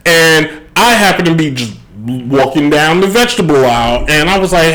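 A higher-pitched man hosting a loose live sports talk show. He rambles, wanders into digressions and trips over his own words, chuckling as he goes. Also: expressive, normal speed, a bit bright, rough recording.

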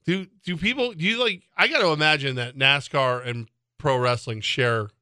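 Middle-aged man, sports radio co-host, very bright, smooth, dry studio sound, joking and rambling. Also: a little high, normal speed, dry recording. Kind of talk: casual sports talk.

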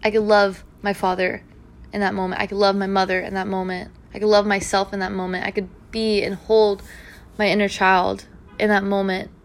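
A woman speaking in an earnest, reflective monologue about healing, repeating gentle affirmations. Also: medium pitch, flat delivery, normal speed. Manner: soft, earnest, repetitive affirmations. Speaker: spiritual speaker.

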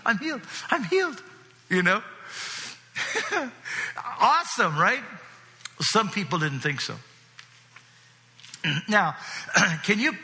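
Bright-voiced male pastor preaching. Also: on the high side. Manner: animated, conversational, often asks the audience "right?". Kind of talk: sermon. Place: church hall with a congregation. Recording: long reverb of a large hall.

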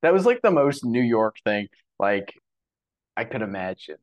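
A man's voice: lowish voice, moderate pace, dull audio. A young man co-hosting a podcast, talking in casual, opinionated commentary with many fillers. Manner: animated, opinionated, lots of fillers. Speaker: podcast co-host.

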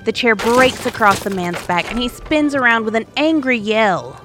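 A woman's voice: a little high, animated, moderate pace, a bit bright, a little hiss or hum. A woman narrating an adventure story in a playful, conversational way.

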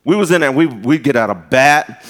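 A man preaching a sermon, telling stories with shouted quotes. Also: mid-range voice, fairly quick. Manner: animated storytelling with shouted quotes. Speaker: pastor.

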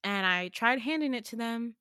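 A woman's voice: a little high, animated, normal speed, sharp tone, smooth, dry recording, studio quality. A young adult woman hosting a podcast, telling a personal story in a chatty way, filling her sentences with "like" and stressing her points hard. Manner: chatty, heavy use of "like", emphatic and indignant. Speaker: podcast host. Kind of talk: casual storytelling.

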